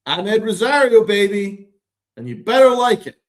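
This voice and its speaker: Man, slightly higher voice, sarcastic ranting podcast host, exasperated and profane. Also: big pitch swings, unhurried. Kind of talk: ranting sports commentary.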